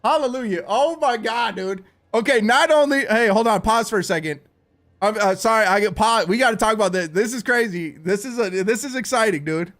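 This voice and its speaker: A man live-streaming while gaming, excitable and swearing a lot, stammering through restarts and calling everyone dude and bro. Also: sits high, brisk. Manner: stammering restarts when overwhelmed.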